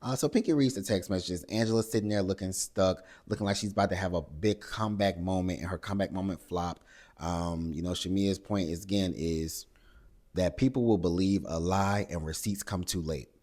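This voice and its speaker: A man hosting a casual reality TV recap, talking it through in a lively, conversational way. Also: brisk. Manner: animated, acts out cast members' lines in higher voices. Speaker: recap host.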